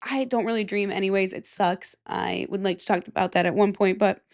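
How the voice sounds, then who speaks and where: A woman's voice: medium pitch, fairly quick. A young woman from Michigan hosting a casual solo podcast, nasal and stuffy from a cold, rambling and giggling at herself at her desk mic. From Michigan, USA. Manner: rambling, giggly, self-mocking. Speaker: podcast host. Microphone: desk microphone.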